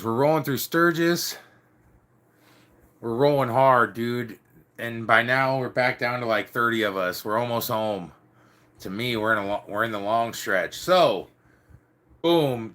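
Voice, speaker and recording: Man, middle-aged, bright voice, rambling casual storytelling, loose and chatty. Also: medium pitch. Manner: rambling, swears mildly, says "dude" and "like" often. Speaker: storyteller recounting biker club days.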